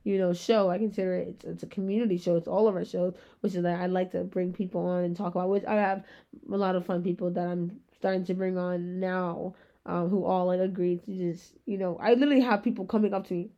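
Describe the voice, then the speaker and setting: A young woman in her twenties hosting a solo podcast, rambling in very fast casual chat with a rough-sounding voice. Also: fairly low pitch, little pitch movement, mellow, lo-fi sound. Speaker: podcast host.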